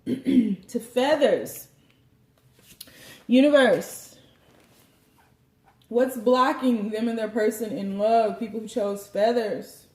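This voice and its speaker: A woman's voice: a little high, a little mellow. A woman giving a tarot card reading, preachy and joking, with some profanity. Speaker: tarot reader. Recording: roomy echo.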